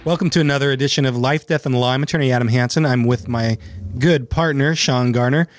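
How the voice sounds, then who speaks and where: Soft music plays behind this medium-pitched, quick-talking attorney who hosts a legal podcast in a studio. Speaking into a studio mic, he keeps the chat casual and sarcastic and cracks up at his own tale.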